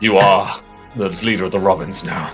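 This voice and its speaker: A man's voice: deep voice, fairly even intonation, normal speed, soft background music. A man voicing a dying old male warrior mentor, solemn and noble as he gives his last words. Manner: solemn farewell speech.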